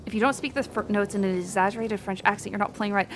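A young woman streaming a horror game, chatting casually with her viewers, swearing and swinging between muttered whispers and loud laughing outbursts. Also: medium pitch, quick pace, a little hiss or hum. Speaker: VTuber streamer. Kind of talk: casual gameplay commentary.

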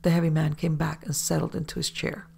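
A woman reads a classic ghost story aloud at a steady, unhurried pace. Her voice sits low and carries a strong gravelly edge with a husky grain. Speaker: narrator and producer. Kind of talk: storybook narration.

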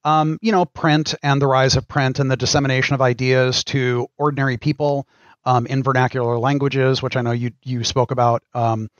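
A middle-aged man explains his work as a guest on a podcast, thinking aloud with frequent pauses. His voice sits in an ordinary middle range. The recording is dry and a little muffled. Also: medium pitch, little pitch movement, dry recording. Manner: thoughtful, pauses with many ums. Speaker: game designer guest. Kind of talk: casual podcast interview.

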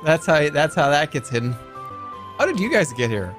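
Very animated and fairly high in pitch, this man's voice rides over music. He's a streamer in his thirties, joking around and chatting while gaming, quick to react and reading out chat messages as they come in.

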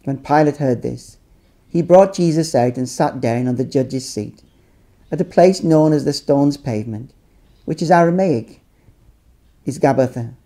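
Dark-voiced pastor reading scripture. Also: male voice, mid-range voice. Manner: measured, dramatic reading.

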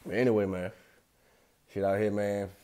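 Low-voiced young man. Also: fairly even intonation, moderate pace, mellow, clean tone. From Atlanta, USA. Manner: loose, slangy and profane, talks straight to viewers. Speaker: vlogger. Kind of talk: casual rambling vlog.

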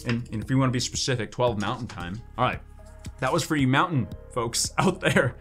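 Animated man opening trading cards. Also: mid-range voice, a little fast, soft background music. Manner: playful, swoops into silly voices and mock wails. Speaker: card-opening YouTuber. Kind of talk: excited pack-opening chatter. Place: home studio.

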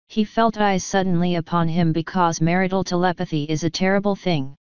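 A woman reading an audiobook in calm, even, scripted narration. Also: fairly low pitch, a little fast, hardly any pauses, clean tone, no room sound. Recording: dull lo-fi sound.

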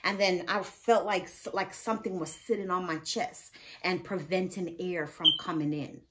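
A woman's voice: on the low side, moderate pace. A woman, a nurse, telling a personal story in a casual storytime vlog, earnest and heartfelt, acting out what others said. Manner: lively storyteller who acts out others' words. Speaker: vlogger.

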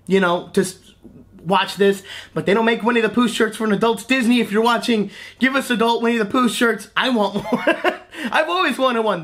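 A young man in his twenties with a high voice chats to camera as a voice actor hosting his own channel. He gushes excitedly, laughing and tripping over his words as he talks. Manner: gushing, excitable, breaks into laughs and restarts. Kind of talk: casual reaction vlog to camera.

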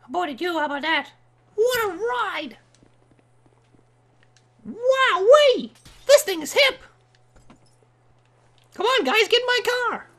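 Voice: very high-pitched, big pitch swings, slow pace, long pauses, fairly bright tone, heavily acted. A video game player voicing Mister Hazmat, a giddy, volatile man in a hazmat suit, talking about himself in the third person with erratic swings between glee and rage. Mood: goofy. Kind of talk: comedic role-play over online gameplay.

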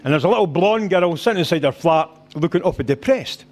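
A man's voice: a little high, lively intonation, fast. A middle-aged Scottish man doing stand-up, telling rowdy sweary stories and slipping into voices. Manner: boisterous storytelling, swearing, slipping into character voices. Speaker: stand-up comedian. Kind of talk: live stand-up set. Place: rugby club function room.

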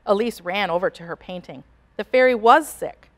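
A woman reading a picture book aloud to children in an expressive, animated storytelling voice. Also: mid-range voice, moderate pace. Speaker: storybook reader.

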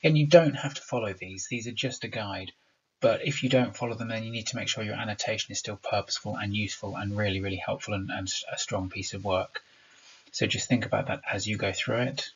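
A man's voice: on the low side, fairly even intonation, fast talker, fairly bright tone, slightly rough, dull audio. A man teaching a recorded remote lesson. He explains patiently and sounds out rhythms aloud to make his points.

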